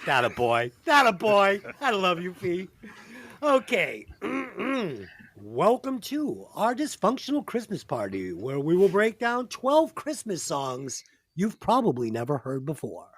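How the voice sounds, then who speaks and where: A man's voice: high voice, huge pitch swings, takes it slowly, slightly rough, no room sound. A man hosting a podcast, joking crudely and laughing often. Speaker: podcast host. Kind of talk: casual podcast banter.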